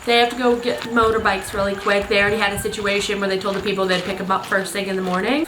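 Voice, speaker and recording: A young woman, a travel vlogger, narrates her trip in a chatty, rambling way, acting out what people said. Her mid-range voice is bright and forceful, with a little hiss or hum in the recording.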